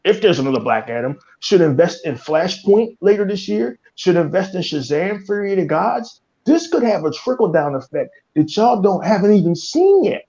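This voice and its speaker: A man's voice: a little high, creaky, a little mellow, muffled recording. A male podcast host in a heated, profane rant. He repeats himself and swears constantly. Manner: fiery, cursing, repeats himself.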